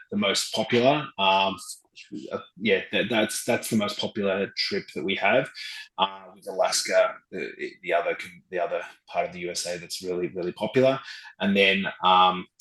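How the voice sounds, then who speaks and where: Low-voiced Australian man, roomy sound. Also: fairly bright tone. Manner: earnest, halting, many fillers and restarts. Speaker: travel company executive. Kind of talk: podcast interview. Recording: roomy echo.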